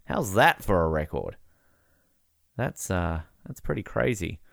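A man co-hosting a podcast, chatting casually over a live match and breaking into excited shouts at big moments. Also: low voice, unhurried, creaky, no room sound, clean studio sound. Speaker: podcast co-host. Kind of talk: casual live-watch commentary.

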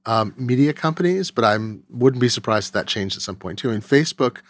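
A man in casual tech podcast chat, speaking at an average pitch. He hesitates a lot, filling gaps with "uh" and restarting sentences. The sound is close and dry, with no room around it. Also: expressive, a little fast, dry recording. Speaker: podcast co-host.

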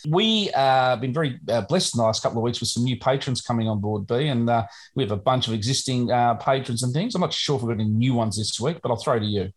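A man's voice: medium pitch, fast, hardly any pauses. An Australian man co-hosting a podcast, chatting casually and rambling with many "uh" fillers. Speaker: podcast co-host.

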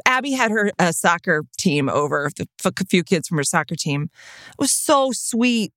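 A middle-aged woman co-hosting a podcast, chatting casually and telling lively stories with acted-out quotes. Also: on the low side, normal speed, no echo, studio quality. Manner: animated storyteller, lots of laughter and acted quotes. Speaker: podcast co-host. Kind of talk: casual chat.

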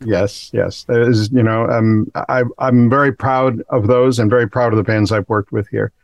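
A man's voice: medium pitch, steady tone, normal speed, creaky, no echo. A middle-aged man from Massachusetts telling stories as a guest in a casual podcast interview, in a rambling, self-deprecating way. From Massachusetts, USA. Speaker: guest, recording engineer.

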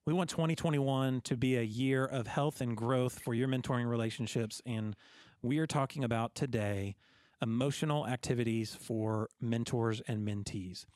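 A man hosts a podcast in loose, joking chat. He often trips over his words and repeats them as he gets going. His voice sits at a middle pitch, recorded dry and close with no room sound. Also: moderate pace, a little mellow, dry recording. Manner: joking, repeats words when starting sentences. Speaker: podcast host.

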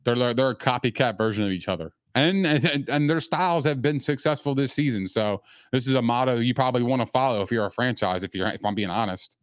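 A man with a smooth, resonant voice talks sports in a loose, profane way, firing off his football picks with swagger. The sound is dry and close to the mic, with no room around it. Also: mid-range voice, fairly quick, hardly any pauses, no room sound. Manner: blunt, profane, rants with swagger. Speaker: podcast co-host. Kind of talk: casual sports chat.

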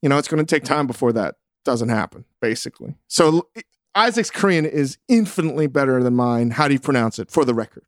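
A man hosting a podcast in casual chat, animated and self-mocking, swearing freely. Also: mid-range voice, fast talker, dry recording, clean studio sound. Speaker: podcast host.

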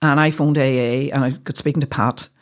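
A woman's voice: very deep voice, steady tone, fairly quick. A woman with a Northern Irish accent, a guest recounting a personal story in an earnest, heartfelt way, often restarting her sentences.

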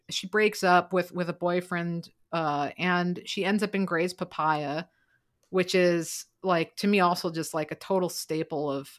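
A woman hosting a casual podcast chat, rambling with fillers and bursting into loud quoted lines. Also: mid-range voice. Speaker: podcast host.

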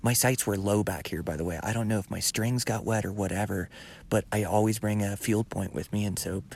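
Husky man chatting outdoors. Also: on the low side, steady tone, fairly quick. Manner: earnest, drops to a hushed near-whisper at times. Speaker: hunting vlogger. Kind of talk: casual chat to camera. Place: outdoors in the backcountry.

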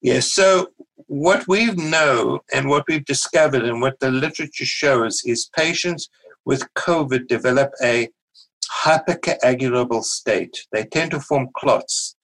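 South African doctor explaining calmly. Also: male voice, medium pitch, poor audio. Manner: measured, explanatory, with small restarts. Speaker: guest physician. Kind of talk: podcast interview, explaining.

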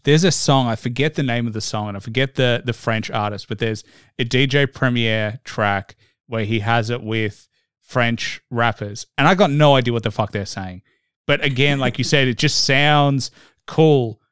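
A man hosting a podcast interview, talking in a relaxed, conversational way with lots of filler words. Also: medium pitch, moderate pace, clean tone, no room sound, clean studio sound. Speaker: podcast host. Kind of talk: casual interview chat.

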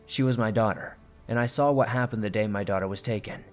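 Man doing a gruff grieving hunter, curt, clipped, low voice, faint music behind. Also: fast talker, natural voice. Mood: grim. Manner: curt, snapping, through clenched teeth.

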